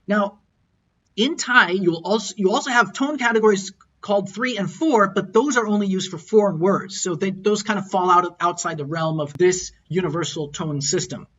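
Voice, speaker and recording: A man's voice: high voice, normal speed, bright, forceful tone, lo-fi sound, slight background noise. A man teaching a recorded lecture, explaining and repeating words as he models tones aloud. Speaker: language teacher.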